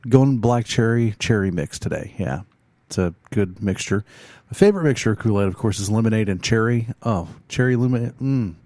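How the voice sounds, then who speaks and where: A man's voice: lowish voice, lively intonation, brisk, a little mellow, no room sound. A man hosting a music show alone in a studio, chatting casually in a meandering, joking way with many fillers and restarts. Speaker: radio show host reviewing bands. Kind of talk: casual rambling chat.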